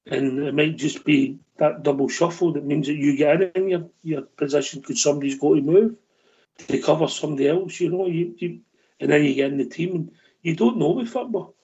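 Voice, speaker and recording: A man's voice: fairly high pitch, brisk, warm tone, slightly rough. A Scottish man co-hosting a casual football phone-in in an easygoing way. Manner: easygoing, says "aye" and "mate". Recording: dull lo-fi phone-in audio.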